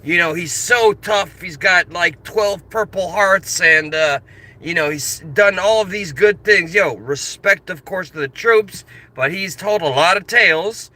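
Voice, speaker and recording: Man, high-pitched, animated, passionate rant, speaking into a phone in his car. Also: unhurried, no echo. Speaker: vlogger. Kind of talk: casual ranting commentary. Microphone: phone camera.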